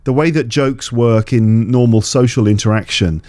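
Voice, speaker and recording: A man's voice: medium pitch, moderate pace, dark tone, no room sound. A man hosting a podcast, chatting casually and thinking aloud in questions. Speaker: podcast host. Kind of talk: casual conversation about comedy.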